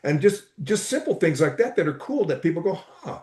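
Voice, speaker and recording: A man's voice: fairly high pitch, very animated, brisk, a little mellow. Eager rambling man, roomy echo. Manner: enthusiastic, rambling with restarts. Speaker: podcast guest, entrepreneur. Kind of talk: casual storytelling chat. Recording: echoey room.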